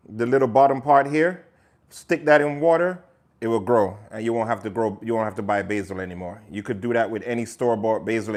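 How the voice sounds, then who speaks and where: A man hosting a live cooking stream, chatting to viewers while he cooks and slipping into patois now and then. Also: mid-range voice. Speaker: cooking show host. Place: home kitchen.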